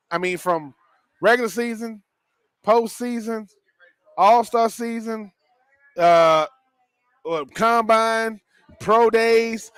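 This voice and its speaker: A man co-hosting a live sports talk show, animated and playful, with slangy, repetitive speech. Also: high voice, no room sound. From Southern US. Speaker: co-host and former player.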